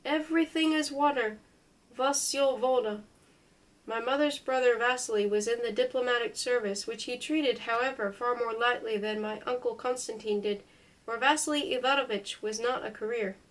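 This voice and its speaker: A woman reading a memoir aloud in an unhurried way, careful and now and then stumbling over foreign names. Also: on the high side, steady tone, fairly bright tone, poor audio. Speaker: reader.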